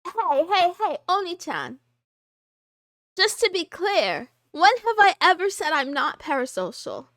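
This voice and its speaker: A woman live streamer chatting casually and greeting her chat, giggly and excitable. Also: very high voice, measured pace, no room sound, studio quality.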